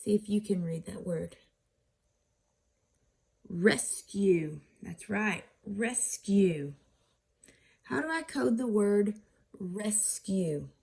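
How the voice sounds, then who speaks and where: A woman's voice: mid-range voice, expressive, vocal fry, darkish tone, breathy edge. A woman teaching a phonics lesson, patiently walking through how to code words and asking questions before answering them herself. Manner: sounds out syllables slowly. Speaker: reading teacher.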